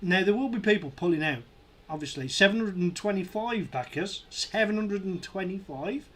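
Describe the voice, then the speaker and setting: Excitable high-voiced man streaming live. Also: moderate pace. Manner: excitable, counting numbers aloud, shouting at milestones. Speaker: streamer hosting a live crowdfunding watch.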